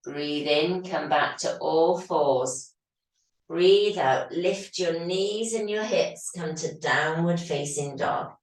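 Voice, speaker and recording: A woman leading a guided yoga class with calm, steady breathing cues, her voice slightly hoarse as she is losing it. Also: sits low, takes it slowly, distant mic. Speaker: yoga teacher. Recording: very echoey room, voice off-mic.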